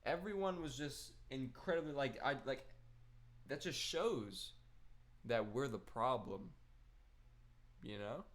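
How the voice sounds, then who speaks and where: A young man in easy, unhurried conversation, drifting through a personal story with plenty of "man" and "dude". His voice sits at a middle pitch, and his delivery stays relaxed and loose, with curse words mixed in. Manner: rambling, laid-back storytelling with slang and swearing. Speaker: gaming streamer. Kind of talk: casual chat while gaming.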